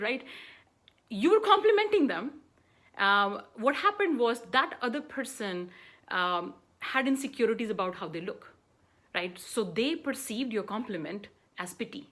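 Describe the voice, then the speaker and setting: A woman's voice: on the high side, a bit bright. A woman life coach giving an earnest motivational talk, often checking in with "right?" and "you know", sometimes restarting mid-phrase.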